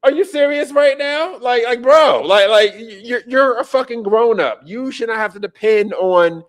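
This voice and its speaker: A man's voice: very high voice, normal speed. A man hosting a casual political commentary podcast, ranting with profanity and incredulity and laughing as he goes. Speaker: podcast host.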